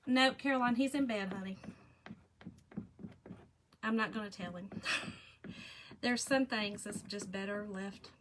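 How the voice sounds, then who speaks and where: Lady rambling at her viewers while she crafts, bright voice, lots of little laughs. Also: mid-range voice, unhurried, long pauses, a little hiss or hum. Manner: chatty, rambling, laughs often, talks to viewers directly. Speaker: craft live-stream host. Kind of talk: casual chat while crafting.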